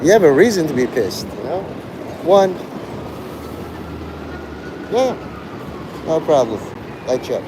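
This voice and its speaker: A man's voice: on the high side, very animated, takes it slowly, long pauses, noisy background. A man chatting crudely and sardonically on a rambling live stream.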